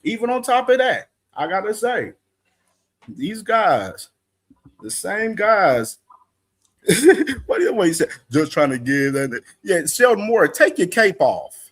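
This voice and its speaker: A man with a slightly high voice co-hosts a live boxing stream. He talks in an easygoing way, full of slang, and comes back to the same points again and again. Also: big pitch swings, slow, pauses often. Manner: laid-back, repetitive, casual slang.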